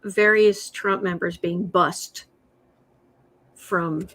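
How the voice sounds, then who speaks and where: A woman's voice: on the low side, steady tone, very slow, fairly bright tone. A woman hosting a casual livestream, reading tarot cards aloud with sarcastic, chatty asides. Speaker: tarot reader and livestream host.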